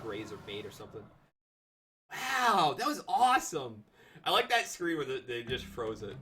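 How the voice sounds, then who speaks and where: Let's-play streamer, chatty and profane, loud game music behind. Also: mid-range voice, normal speed. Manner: rambling, swears, bursts into excited shouting. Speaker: gaming streamer. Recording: game music behind, voice a bit distant from mic.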